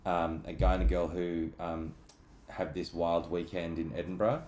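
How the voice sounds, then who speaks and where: Low-voiced Australian voice actor, relaxed and rambling, recorded in a roomy space. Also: male voice, moderate pace. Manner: easygoing, rambling. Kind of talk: casual chat on a livestream. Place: on a couch indoors. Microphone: camera or phone on a livestream. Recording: roomy echo, faint ambient noise.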